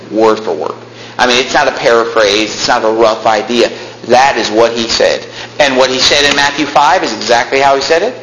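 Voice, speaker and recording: A fairly high-pitched man preaches emphatically, hammering his points again and again. His voice rings in a roomy, echoing space with faint ambient noise behind it. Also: fairly bright tone. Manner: emphatic, repetitive, preaching hard with rising pitch. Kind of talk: sermon. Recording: echoey room with faint ambience.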